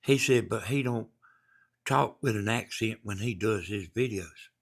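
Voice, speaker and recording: Unhurried and gravelly, a lowish-voiced Southern man from Georgia rambles folksily on his livestream. As host, he chats casually and reads viewer comments aloud.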